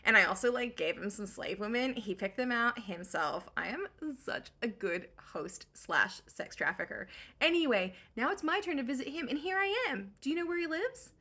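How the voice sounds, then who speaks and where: A woman's voice: fairly high pitch, animated, normal speed, sharp tone, full character voice. A woman voicing a cocky, scheming male king who plays pranks, parodied in breezy modern slang.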